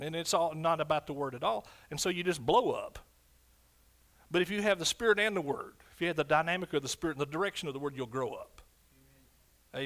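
A man preaching a fervent sermon as pastor, swinging from loud shouts to quiet, low asides.

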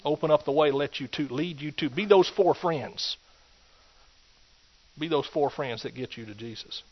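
A man preaching a sermon, swinging between loud exhortation and hushed asides. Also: a little high, moderate pace. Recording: dull lo-fi recording.

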